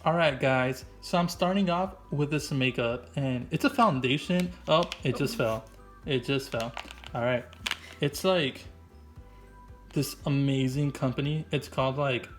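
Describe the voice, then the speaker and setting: A man with a mid-range voice improvises a comic voice-over for a makeup video as a vlogger, recorded on a voice-over mic. He rambles goofily, stuffing his lines with "like" and "right?".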